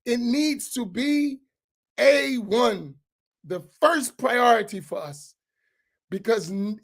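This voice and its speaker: A man speaking as an imam, giving an emphatic lecture-style sermon and repeating his key points. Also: very high-pitched. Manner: asks for slides to be put up.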